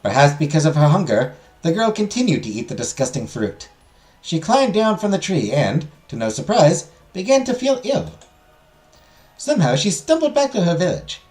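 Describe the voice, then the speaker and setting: Reading visual novel lines, a man takes on the role of a flamboyant woman who teaches magical history, narrating a legend in a sweeping, dramatic lilt. The pitch is fairly high and sing-song, the pace moderate, the timbre somewhat dark, and the mood is one of storytelling.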